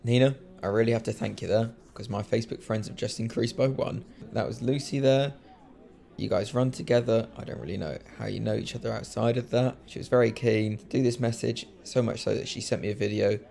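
A man's voice: mid-range voice, steady tone, fairly quick, gravelly, dark tone. A man hosting a casual podcast, jokey and self-mocking as he introduces clips. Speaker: podcast host.

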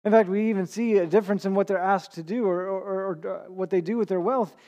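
A man's voice: high voice, fairly even intonation, fast talker, darkish tone, highs cut off. A man preaching a sermon in an earnest, conversational way, with small restarts and repeated words. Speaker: pastor.

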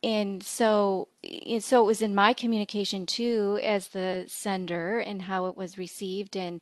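A woman's voice: medium pitch, dry recording. A woman co-hosting a podcast, talking in an earnest, supportive way with many "you know" fillers. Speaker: podcast co-host, nursing faculty. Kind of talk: conversational podcast discussion.

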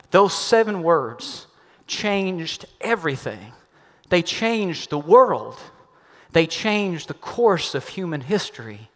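A middle-aged male pastor preaching an Easter sermon, telling a personal story with lively, acted-out quotes. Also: fairly high pitch, unhurried. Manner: animated storyteller, acts out quoted voices. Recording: long hall reverb.

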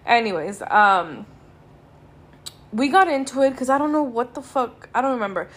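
A young woman tells a story on her podcast in a loose, casual way. Her talk is full of swearing and filler words, and she sounds worn out and unhurried. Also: a little high, animated, a bit bright. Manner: sweary, laid-back, drawn-out and tired. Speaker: podcast host.

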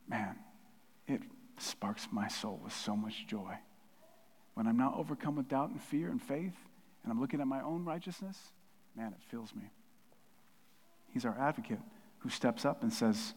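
A middle-aged man preaching a sermon with passion, his voice swelling from quiet asides to loud, fervent peaks. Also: medium pitch, lively intonation, normal speed, long pauses, breathy edge. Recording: long hall reverb.

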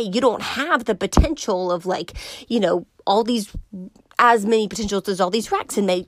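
A woman's voice: a little high, dry recording. Earnest young woman, close and dry. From Georgia, US. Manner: earnest, drops into soft whispers for emphasis. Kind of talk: reflective personal monologue.

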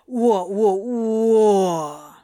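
A woman's voice: mid-range voice, extremely slow, dark tone, dry recording, studio quality. A woman voicing an irritable, bewildered male demon who snarls and balks, in a storybook reading. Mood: exasperated. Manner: snarling, exasperated. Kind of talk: audiobook reading of fan fiction.

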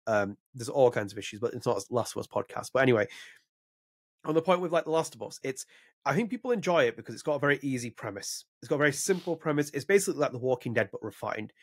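A man chats on a podcast, racing through his opinions and tripping over restarts as he goes. His voice sits at a mid pitch. The close mic gives a dry sound with no room behind it. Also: animated, fast talker, no room sound. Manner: rambling, opinionated, frequent restarts. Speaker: podcast co-host. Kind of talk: casual podcast chat.

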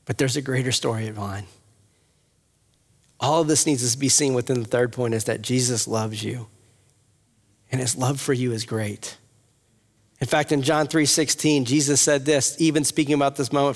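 This pastor delivers an earnest sermon in a medium-pitched, steady voice at normal speed, at times rising into impassioned appeals. He's addressing an audience in a church hall, and the recording has long hall reverb.

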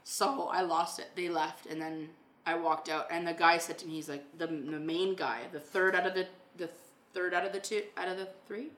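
A woman tells a story in casual chat, her voice bright and sharp as she talks with lively energy. She swears freely as she goes. The sound is echoey, as if the room is bare. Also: lowish voice, normal speed. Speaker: renovation company owner.

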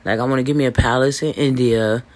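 A man hosting a podcast, talking in a loose, boastful monologue full of fillers, restarts and swearing, with hiccups and throat clearing. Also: mid-range voice, fairly even intonation, fast. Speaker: podcast host. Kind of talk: rambling casual monologue. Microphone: voice message recording.

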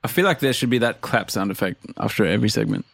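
A man's voice: fairly low pitch, expressive, quick pace, creaky, loud music behind the voice. A man co-hosting a podcast in casual chat, wry and self-mocking. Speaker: podcast co-host.

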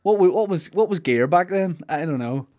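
A man's voice: high voice, expressive, moderate pace, warm tone. A man with a Belfast accent chatting casually on a podcast, rambling and joking and acting out silly voices. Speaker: podcast host. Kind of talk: casual comedic chat.

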